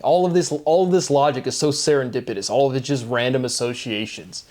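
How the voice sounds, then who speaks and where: A man alone, talking through wordplay in a slow, questioning musing monologue. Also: mid-range voice, darkish tone. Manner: slow, questioning, breaks into laughter. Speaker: solo video host. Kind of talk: musing monologue on word forms.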